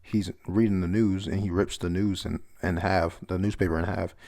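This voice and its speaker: A young man with a lowish, darkish voice and some vocal fry talks through a comic chapter as a manga chapter reviewer. His commentary is loose and casual, delivered at normal speed in a level tone, and he rambles, stumbles over words while reading and lets slip the occasional curse.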